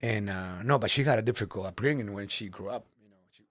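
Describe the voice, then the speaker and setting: A middle-aged man from Peru with a Peruvian Spanish accent, a restaurant owner telling stories in a radio interview with lively restarts and repetitions. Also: fairly low pitch, quick pace, no room sound, studio quality. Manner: animated storyteller, restarts and repeats words. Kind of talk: casual interview storytelling. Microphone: studio microphone.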